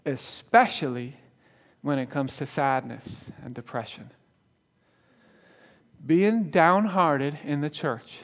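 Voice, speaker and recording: High-voiced storytelling preacher man. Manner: storytelling with laughs and repeated restarts. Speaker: guest preacher. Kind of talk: sermon. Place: church.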